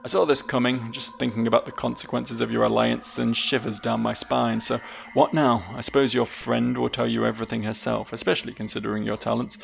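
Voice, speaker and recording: An anxious, suspicious young nobleman from a video game, read aloud by a man. The voice is heavily gravelly. Lines run earnest and dramatic, with high lifts on worried questions. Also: little pitch movement, brisk, hardly any pauses. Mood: brooding.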